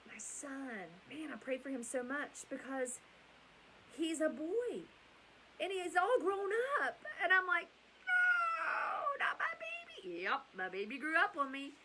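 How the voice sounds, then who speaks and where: A middle-aged woman with a somewhat high voice tells a bedtime Bible story. She rambles into chatty asides and corrects herself as she goes. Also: sharp tone, slight background noise, low-quality recording. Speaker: storyteller and host.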